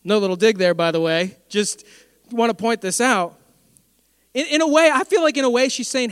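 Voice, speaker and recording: A man preaching a sermon, telling stories with lively humor. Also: extremely high pitch, moderate pace, clear, resonant tone, dry recording, studio quality, big-room sound. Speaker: pastor.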